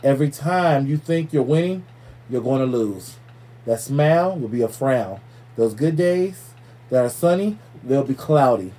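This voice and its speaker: A man hosting a podcast in loose, profane, playful casual chat, giving listeners shout-outs. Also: medium pitch, expressive, measured pace. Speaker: podcast host.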